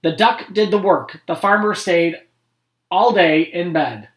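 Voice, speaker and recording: Reading picture books to students online, this principal pauses between passages for warm, chatty remarks. He has a high, slightly bright voice and an unhurried pace.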